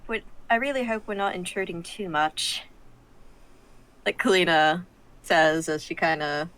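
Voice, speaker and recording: A woman's voice: fairly low pitch, unhurried, a bit bright, slight background noise, rough recording. Chatty woman tabletop player. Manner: chatty, hesitant, many fillers. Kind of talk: casual tabletop role-play.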